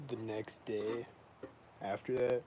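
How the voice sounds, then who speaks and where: A man's voice: fairly low pitch, flat delivery, slow, background noise. A man vlogging in a casual, rambling monologue, indignant and complaining, filling his talk with "like" and frequent swearing.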